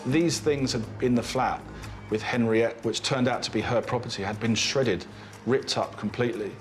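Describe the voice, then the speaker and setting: Male detective, mid-pitched, interview style, repeats himself. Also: steady tone, moderate pace, faint music behind. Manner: repeats words, restarts often. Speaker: police detective. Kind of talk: documentary interview.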